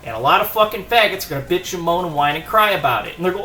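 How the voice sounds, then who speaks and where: A man's voice: high-pitched, animated, fast, bright, forceful tone. A man delivering a profane, heated rant as a video host, emphatic and contemptuous, recorded in an echoing room with faint music behind. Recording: roomy echo with faint music.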